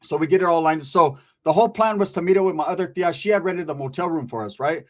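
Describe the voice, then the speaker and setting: A man tells a profane stand-up story at a rapid clip. His voice sits fairly high, and he jumps into animated voices for the people in it. The delivery is streetwise and loose. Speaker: comedian.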